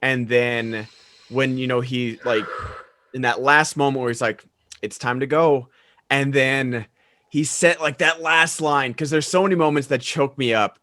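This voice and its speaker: Excitable man with a bright voice. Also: a little slow, dry recording. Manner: enthusiastic, gets loud and high when excited. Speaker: podcast co-host. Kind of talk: casual movie discussion. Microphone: remote video call.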